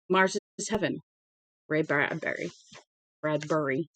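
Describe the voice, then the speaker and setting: An amateur audiobook reader giving a casual read-aloud with chatty asides, stumbling on words and correcting them out loud. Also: mid-range voice, normal speed, no room sound. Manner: conversational and unpolished.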